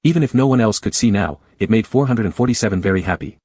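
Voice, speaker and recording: A man narrating a romance comic story in a steady, even reading. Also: on the low side, quick pace, husky, dry recording.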